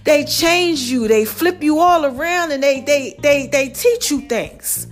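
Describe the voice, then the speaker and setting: A woman hosting her own online show, talking casually and warmly to her viewers, calling them "baby" and repeating phrases to drive her point home. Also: high voice, lively intonation, unhurried, soft background music. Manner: affectionate, calls listeners "baby" and "y'all"; preachy, repeats phrases for emphasis. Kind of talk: casual motivational talk to viewers.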